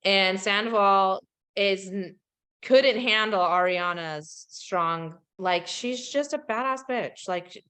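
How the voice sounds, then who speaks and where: Woman, podcast host, casual gossip, animated, smooth clear voice. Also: mid-range voice, slow. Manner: animated gossipy storytelling with giggles. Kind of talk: casual pop culture chat.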